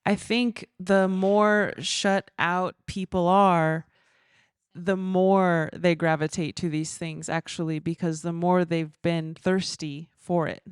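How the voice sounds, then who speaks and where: A woman giving conversational panel remarks at a conference, telling stories in a chatty, animated way with lots of fillers. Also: on the low side, clear, resonant tone, no room sound, clean studio sound.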